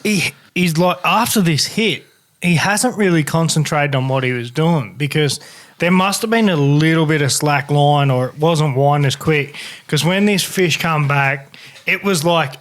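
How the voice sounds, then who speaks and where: A fairly high-voiced Australian man spins a fishing yarn on a podcast. He is animated and swears freely, with laughs breaking into his storytelling. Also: unhurried. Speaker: podcast host. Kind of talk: casual storytelling chat.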